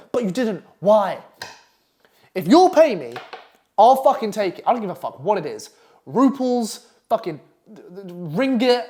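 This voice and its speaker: A man's voice: sits high, a little mellow. A young man teaching copywriting in a blunt, crude, constantly swearing casual manner. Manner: crude, blunt and swearing constantly, acting out clients in quick asides. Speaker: copywriting coach. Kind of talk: profane casual masterclass talk.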